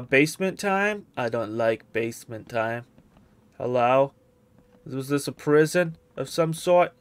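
A young man talks his way through a horror game, chatty and easily startled, muttering to himself as he goes. His voice sits a little on the high side. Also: no room sound. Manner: jumpy, chatty, mutters to himself, yelps at scares. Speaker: gaming streamer. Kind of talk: casual gameplay commentary.

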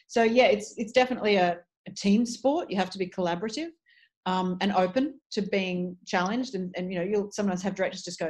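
A woman's voice: mid-range voice, fairly quick. Fields: Woman. Role: dialect coach. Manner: articulate, animated, restarts phrases. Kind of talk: interview conversation.

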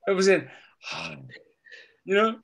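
An older man, a veteran voice actor and teacher, telling animated anecdotes as an interview guest. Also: high-pitched, slow pace. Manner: animated anecdotes, acts out quotes. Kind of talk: casual interview storytelling.

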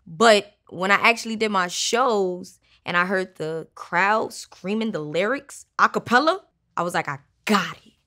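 A woman rapper from Brooklyn, casually breaking down her song in a lively way and dropping into ad-lib sounds. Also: mid-range voice. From Brooklyn, New York.

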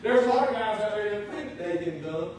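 Man, pastor preaching, high voice, heard from back of a reverberant sanctuary. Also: lively intonation, a little fast, slight background noise. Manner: emphatic preaching, swings between loud and soft. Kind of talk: sermon. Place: church sanctuary. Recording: very echoey, from a distance.

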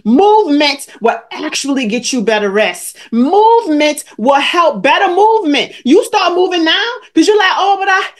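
A woman over forty coaching viewers on a live stream, emphatic and preachy, repeating her points and calling out people in the chat by name. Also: sits high. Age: 40s or older. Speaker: weight-loss coach hosting a live stream.

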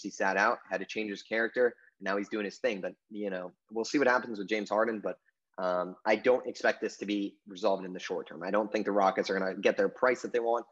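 A man with a lowish voice rattles off sports opinions at a quick clip as co-host of a casual podcast. He rambles and leans on fillers. The recording sounds dull and lo-fi. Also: fairly bright tone. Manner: rambling, heavy on "I mean" and "you know" fillers.

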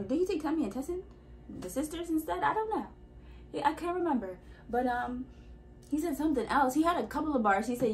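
A woman's voice: on the high side, a little hiss or hum, poor audio. A woman casually reacting to a song, chatty and rambling, thinking aloud with lots of asides. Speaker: music reaction vlogger.

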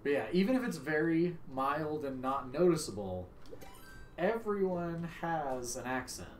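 Young male streamer, pitched a bit high, loud and joking; roomy echoey sound. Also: expressive, measured pace, faint music behind. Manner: loud, joking, swears freely. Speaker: livestream gamer. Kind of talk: casual stream chat. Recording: echoey room, faint ambience.

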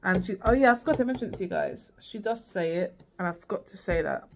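A woman's voice: medium pitch, animated, quick pace, vocal fry, noisy background. A woman recapping a TV series in a casual vlog, rambling with lots of fillers and restarts and acting out lines. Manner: rambling, many fillers and restarts, acts out quotes. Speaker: TV series reviewer.

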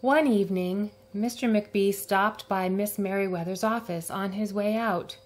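Slow, gentle woman reading a storybook. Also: mid-range voice. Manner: slow, gentle read-aloud with acted character voices. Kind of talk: reading a picture book aloud to children.

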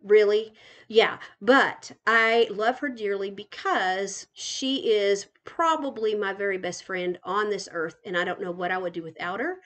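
An older woman, a grandmother, chatting warmly as she tours a game island live, gushing and giggling. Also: medium pitch, measured pace, hardly any pauses. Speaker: gaming channel host. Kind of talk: casual live game tour commentary.

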